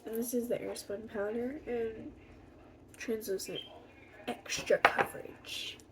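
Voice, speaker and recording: A woman's voice: fairly high pitch, fairly even intonation, measured pace, background noise. A woman chatting casually through a makeup tutorial, rambling and joking to herself. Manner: rambling, talks to herself, jokey. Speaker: beauty vlogger.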